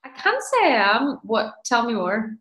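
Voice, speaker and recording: A woman's voice: a little high, very animated, measured pace, fairly bright tone. Laughing woman, roomy sound. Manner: easygoing, laughs often, self-deprecating. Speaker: actor. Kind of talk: casual interview chat. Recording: roomy echo.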